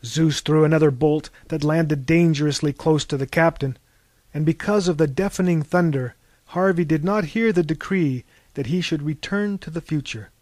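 A man's voice: on the high side, normal speed, darkish tone, dry recording. Man narrating a story, dry and close.

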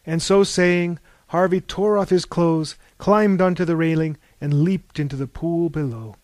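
A man's voice: a little high, measured pace, a little mellow, no echo. A man reading an audiobook in a wry, mock-epic storytelling tone. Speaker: audiobook narrator. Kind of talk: scripted narration.

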